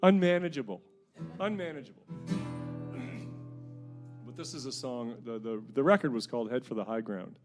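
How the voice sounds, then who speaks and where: A middle-aged singer-songwriter from New Brunswick, telling rambling, self-mocking stories between songs at a house concert. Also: male voice, mid-range voice, fast talker, hardly any pauses, music in the background. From New Brunswick, Canada. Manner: rambling, self-mocking anecdotes with frequent chuckles. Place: living room at a house concert.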